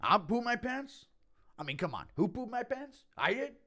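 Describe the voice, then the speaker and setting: A man impersonating a scattered, swearing middle-aged fight promoter high on mushrooms. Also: sing-song, moderate pace, sharp tone, exaggerated voice. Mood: frazzled.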